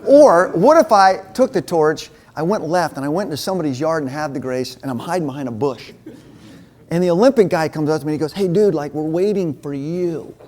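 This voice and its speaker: Male preacher with a high voice, casual and animated, telling stories to a room of men. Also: fast. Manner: animated, chatty storyteller who drops to a hushed voice. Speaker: men's ministry speaker. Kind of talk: storytelling sermon to a men's group. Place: meeting room with a live audience.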